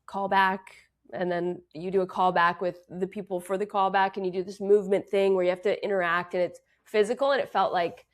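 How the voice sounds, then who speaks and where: A woman's voice: lowish voice, flat delivery, quick pace, few pauses. Canadian actress guest, young woman, thoughtful, earnest, filler-heavy. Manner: reflective, earnest, many fillers. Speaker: actress and dancer, interview guest. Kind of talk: conversational interview.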